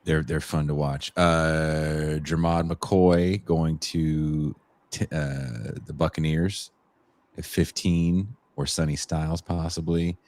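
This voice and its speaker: A man's voice: very deep voice, flat delivery, slow, a little mellow, no room sound. A man from the Bay Area co-hosting a podcast, rambling in a laid-back, profane way. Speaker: podcast co-host. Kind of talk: casual chat.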